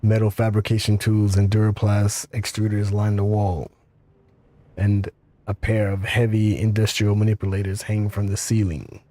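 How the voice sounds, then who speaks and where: A man reading a video game's text aloud, slowly and with some stumbles. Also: on the low side, completely flat delivery, mellow, slight background noise. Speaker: game reader.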